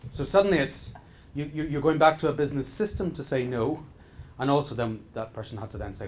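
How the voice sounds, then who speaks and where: A man's voice: medium pitch, fairly quick, darkish tone, a little hiss or hum. A middle-aged man leading a business seminar, speaking emphatically in repeated exhortations with frequent restarts. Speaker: business trainer. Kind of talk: live seminar talk.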